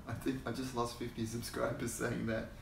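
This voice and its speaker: A man's voice: mid-range voice, monotone, measured pace, creaky, roomy sound, slight background noise. An Australian man hosting a casual livestream, rambling and chuckling as he greets viewers by name, talking into a phone held in his hand. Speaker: hobby channel host.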